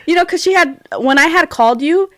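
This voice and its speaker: A woman co-hosting a podcast in casual chat, chatty and animated, laughing often. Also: very high-pitched, fairly quick. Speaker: podcast co-host.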